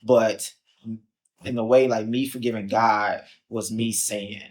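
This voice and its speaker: A young man from Chicago, a podcast guest, telling his story in a casual, animated way, acting out quotes and filling with "like" and "um". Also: fairly low pitch, slow.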